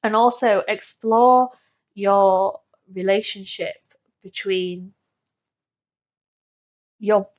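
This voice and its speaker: A woman's voice: medium pitch, fairly even intonation, drawn-out words, pauses often, lo-fi sound. A woman hosting a solo wellness podcast, chatty and full of fillers and restarts. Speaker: podcast host.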